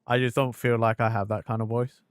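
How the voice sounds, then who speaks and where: A male streamer chats loosely over his gameplay, blunt and self-mocking, with plenty of casual swearing. His voice sits at an ordinary middle pitch. The sound is close and dry, with no room around it. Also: flat delivery, brisk, clear, resonant tone, no echo. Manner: candid, swears freely, laughs at himself.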